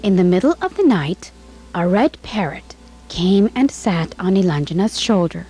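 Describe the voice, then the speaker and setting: A woman narrating a bedtime story in a measured, expressive way. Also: medium pitch, soft background music, rough recording.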